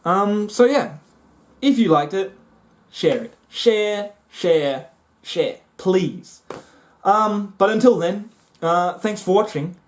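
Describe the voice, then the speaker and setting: A man vlogging a comic monologue to the camera, excitable and often jumping into high voices as he acts things out. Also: slow pace. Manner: excitable, jumps into high squeaky voices when acting things out.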